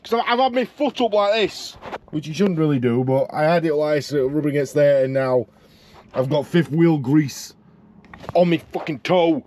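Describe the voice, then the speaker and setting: A Yorkshire man rants from his truck cab, his voice swinging wildly up and down as he swears in comic exasperation. The pitch sits a little high, and the steady rumble of the vehicle comes through clearly behind him. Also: normal speed. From Yorkshire, England. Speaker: truck driver vlogger. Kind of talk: casual vlog.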